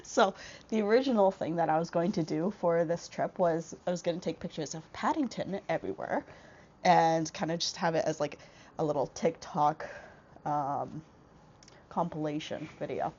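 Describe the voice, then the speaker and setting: A young vlogger, stuffy from a cold, casually shows off a book haul, rambling with many fillers and restarts. Her low voice has a darkish tone and a breathy edge at a moderate pace, and the small wireless clip-on mic makes the audio dull.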